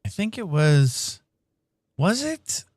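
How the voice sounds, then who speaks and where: Animated, laughing male podcast co-host. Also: on the high side, takes it slowly, husky, no room sound, studio quality. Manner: animated storyteller, laughs often, acts out quoted dialogue. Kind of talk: casual chat on a livestreamed podcast.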